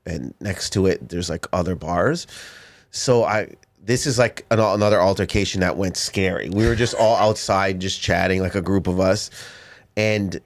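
A comedian casually telling a story on a podcast, rambling with many fillers and acting out the people in it. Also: male voice, sits low, moderate pace. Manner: rambling, lots of "like", acts out voices in stories. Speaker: comedian guest. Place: podcast studio.

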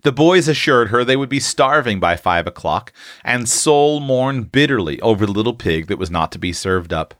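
A male narrator reads an old-fashioned story with a lively, rising and falling delivery. His voice sits in a middle register and is recorded close, with no room sound around it. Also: medium pitch, moderate pace, no echo. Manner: lively reading that raises his voice for excited children's lines. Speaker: audiobook narrator. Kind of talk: unabridged storybook reading.

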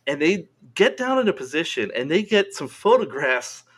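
A man's voice: fairly high pitch, sing-song, moderate pace, fairly bright tone, breathy edge. A man telling a story as a podcast guest, casual and full of laughs and swearing.

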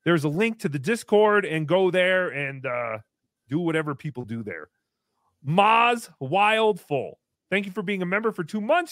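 A goofy male livestream host reading out member thank-yous. His voice sits high and leaps wildly in pitch. The mic is close and dry. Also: a little slow, no echo. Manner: goofy, animated, swinging between squeals and mumbles. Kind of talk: comedic live-stream chat.

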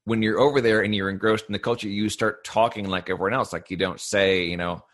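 Laid-back lower-voiced American man. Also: fairly even intonation, fast, fairly bright tone. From United States. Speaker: podcast co-host. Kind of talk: casual chat recapping a cartoon episode.

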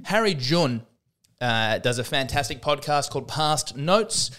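Rambling comedian, smooth voice. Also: male voice, mid-range voice, expressive, a little slow, a bit bright. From Australia. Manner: rambling, self-deprecating, with frequent restarts. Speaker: podcast host. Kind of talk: casual comedic monologue.

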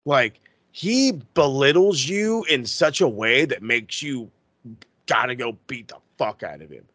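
A man co-hosting a podcast in casual chat, excitable, profane and gushing. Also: mid-range voice, a little slow, no echo. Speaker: podcast co-host.

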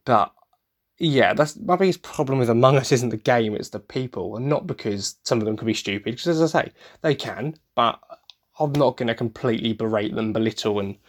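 Tired young guy from the uk ranting casually on his podcast, swears a lot, laughs here and there, mid pitch. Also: fairly quick. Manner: rambling, frank, swears freely, laughs often. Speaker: podcast host. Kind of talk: casual solo chat.

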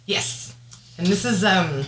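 A woman guest on a casual podcast, telling mom stories in an animated way, laughing and acting out voices. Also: medium pitch, slow. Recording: echoey room, faint hiss.

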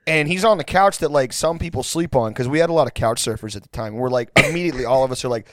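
A man's voice: medium pitch, fast, hardly any pauses, dry recording, clean studio sound. A man from Houston, Texas telling a crude story in a casual, rambling way, full of filler words.

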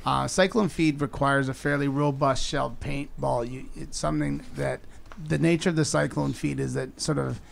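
A man's voice: medium pitch, fairly even intonation, normal speed, gravelly, few pauses. A man co-hosting a podcast, giving technical advice step by step in casual chat. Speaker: podcast co-host.

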